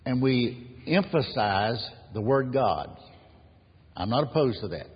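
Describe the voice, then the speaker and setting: A man's voice: medium pitch, sing-song, slow, slightly rough. A man preaching an earnest sermon as pastor, building emphasis on key phrases. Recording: dull lo-fi sound in a reverberant hall.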